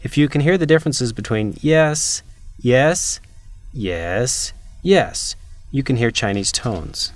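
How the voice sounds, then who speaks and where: A man narrating a language lesson from a script, with measured, clear enunciation and demonstrated intonations. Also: mid-range voice, animated.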